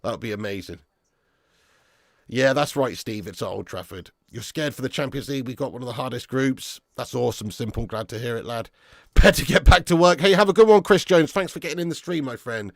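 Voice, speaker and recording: A young football fan channel host with a gravelly, medium-pitched voice reads viewer comments a little fast during a live stream. His manner is casual banter with frequent laughter and plenty of lad and mate, and the studio-quality audio has no room sound.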